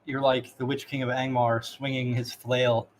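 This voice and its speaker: A man's voice: medium pitch, flat delivery, moderate pace, slight background noise. A man narrating a tabletop game as dungeon master, rambling with laughing asides.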